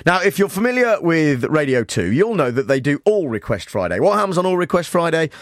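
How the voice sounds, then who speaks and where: Radio host with a lively voice. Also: male voice, fairly high pitch, a little fast, dry recording. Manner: dry, deadpan banter. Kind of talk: comedy talk radio.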